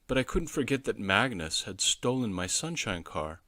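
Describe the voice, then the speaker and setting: Male storybook narrator, expressive and lively, dry close mic. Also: lowish voice, normal speed, no echo.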